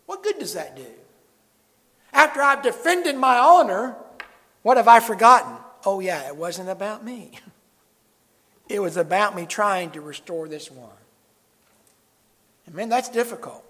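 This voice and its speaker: A man preaching a sermon to his congregation, swinging between loud emphatic lines and quiet low asides. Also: animated, unhurried, pauses often, in a large hall. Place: church sanctuary.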